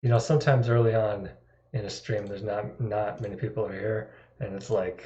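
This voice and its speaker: A man with a lowish voice chats casually on a live stream, drifting between topics with wry, self-deprecating asides. His desktop mic sounds dull and lo-fi, and the room adds a clear echo. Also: little pitch movement, moderate pace, dark tone. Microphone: desktop microphone.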